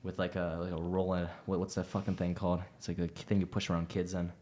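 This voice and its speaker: A man's voice: deep voice, monotone, quick pace, darkish tone. A man hosting a podcast, retelling a film in a rambling, swearing casual chat. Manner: rambling, swears a lot, restarts. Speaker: podcast host.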